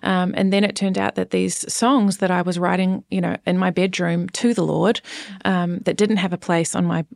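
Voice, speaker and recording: Woman, late 30s, podcast guest; gravelly, lowish voice, earnest and halting, dry booth sound. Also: flat delivery, darkish tone, no room sound. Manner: earnest, halting, many fillers and restarts. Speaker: guest, worship songwriter. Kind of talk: casual interview chat.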